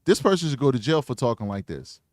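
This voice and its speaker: A man's voice: medium pitch, very animated, quick pace, darkish tone, no room sound, clean studio sound. A man hosting a true crime channel, commenting bluntly in slangy casual talk while reading posts aloud.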